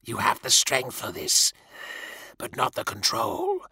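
A man voicing an ominous figure who speaks slow, grave warnings in a gravelly, husky voice. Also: mid-range voice, huge pitch swings, pushed and bright, no echo, clean studio sound, full character voice.

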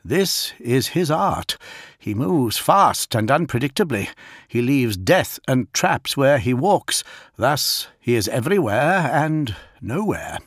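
Measured, intent soldier, voiced by a male narrator for an audiobook. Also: medium pitch, big pitch swings, husky, no echo, clean studio sound, pitched above the performer's own voice, exaggerated voice.

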